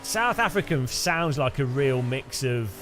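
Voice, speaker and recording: A man with an English Midlands accent, chatting casually and excitably while he streams a sim race. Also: mid-range voice, measured pace, a little hiss or hum. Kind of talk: live-stream chat while sim racing. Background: loud background music.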